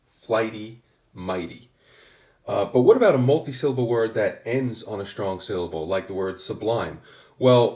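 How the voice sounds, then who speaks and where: A man's voice: on the low side, a little mellow, echoey room. A man giving a patient, methodical songwriting lesson, with frequent fillers and restarts. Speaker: songwriting instructor. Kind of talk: explanatory lesson.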